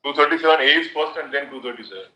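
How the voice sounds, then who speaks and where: A man presiding as a judge, brisk and directive, often cutting in with questions. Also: on the high side, bright, forceful tone. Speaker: judge on the bench. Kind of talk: courtroom questioning. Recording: roomy courtroom sound.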